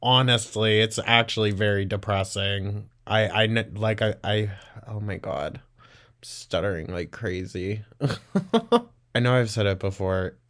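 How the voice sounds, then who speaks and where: A man's voice: on the low side, expressive, unhurried, a bit bright. Sarcastic man mocking a video. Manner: blunt, sarcastic, swears often, laughs a lot. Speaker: commentary podcast host. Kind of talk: mocking reaction commentary.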